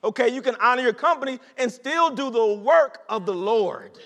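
Guy preaching in church, real high bright voice, lots of repeating and calling out to folks, big hall echo. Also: normal speed. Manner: animated, conversational preaching with repetition and call-outs to the congregation. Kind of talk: sermon. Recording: long reverb of a large hall.

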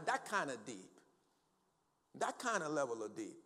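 A man's voice: medium pitch, huge pitch swings, normal speed, sharp tone. An older man preaching a sermon in a church, quoting scripture emphatically and calling for responses from the congregation. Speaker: pastor. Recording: long hall reverb.

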